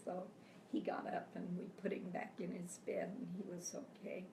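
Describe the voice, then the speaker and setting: Older woman, grandmother, gravelly voice, near tears, echoey room, distant mic. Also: on the low side, completely flat delivery, normal speed. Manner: gentle, reflective storytelling with frequent soft laughs. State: close to tears. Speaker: grandmother interviewed by family. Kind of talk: personal storytelling. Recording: echoey room, mic far off, faint background hiss.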